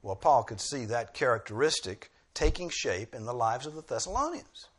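A man's voice: medium pitch, expressive, normal speed, a bit bright, slightly rough. A male preacher delivering an expository sermon, pressing key phrases with emphatic bursts.

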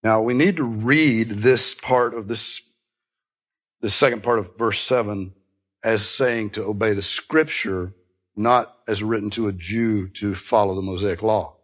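A pastor with a lowish voice preaches unhurriedly, earnest and emphatic. He repeats key phrases, slips into conversational asides, and corrects himself along the way.

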